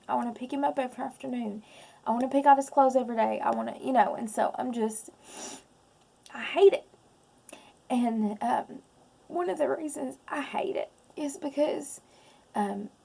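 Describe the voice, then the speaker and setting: A woman in her thirties, speaking in a personal vlog, close to tears, halting with many pauses and ums. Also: high-pitched, gravelly, warm tone, slightly rough. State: close to crying. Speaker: vlogger.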